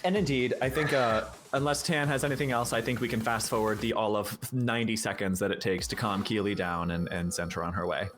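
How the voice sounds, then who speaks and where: Brief: male game master, easygoing narration, loud music bed under the voice. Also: lowish voice, brisk, hardly any pauses. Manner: relaxed, casual, lots of "like". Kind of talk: narrating a tabletop horror game.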